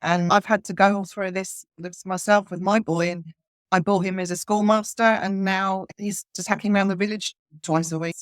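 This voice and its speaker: A woman's voice: medium pitch, steady tone, moderate pace, dry recording, clean studio sound. A woman being interviewed as a horse communicator, speaking earnestly with frequent restarts. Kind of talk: casual interview chat.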